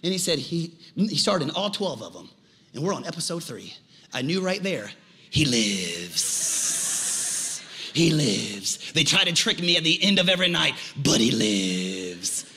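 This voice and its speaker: Middle-aged male pastor, high and sharp tone, lively folksy sermon delivery. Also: a little fast. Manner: animated preaching, builds to shouting; folksy asides and humor.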